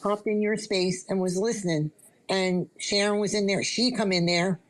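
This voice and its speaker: A woman's voice: mid-range voice, steady tone, normal speed, rough recording. A woman calling into an online chat, insistently recounting what she witnessed. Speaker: caller. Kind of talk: casual chat.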